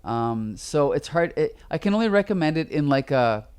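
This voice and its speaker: A man co-hosting a podcast, chatting casually and critically about comics with an exasperated, animated manner. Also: fairly high pitch, normal speed, clear, resonant tone. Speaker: podcast co-host. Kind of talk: casual comic review chat.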